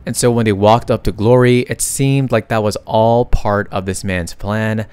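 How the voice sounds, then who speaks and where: A man's voice: lowish voice, moderate pace, smooth. Chatty young man recapping a comic. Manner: chatty, excitable, slangy asides. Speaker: manhwa recap narrator. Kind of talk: casual recap narration.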